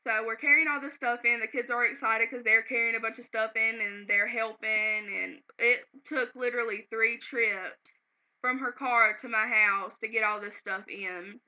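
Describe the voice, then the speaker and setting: A woman talks straight to her camera at home, earnest and at times close to tears as she tells her story. Her voice sits a little high. The sound is somewhat dull and lo-fi, like a basic home video. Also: steady tone, moderate pace. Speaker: vlogger. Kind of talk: casual emotional storytelling to camera.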